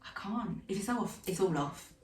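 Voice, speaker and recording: A young woman co-hosting a casual podcast chat, blunt and jokey, quick to laugh. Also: medium pitch, expressive. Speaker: podcast co-host. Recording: echoey room, mic at a distance, faint noise.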